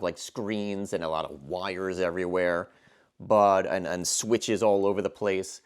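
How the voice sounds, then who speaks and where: A man giving a casual film review monologue, enthusiastic and rambling, with frequent restarts and fillers. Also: on the low side. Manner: enthusiastic, gushing.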